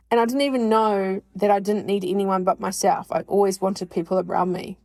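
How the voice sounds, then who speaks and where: A woman's voice: mid-range voice, steady tone, normal speed, a little mellow, dry recording. A woman in her forties hosting a podcast, talking candidly and bluntly about her own life, swearing freely and laughing often. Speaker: podcast host. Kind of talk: candid personal monologue.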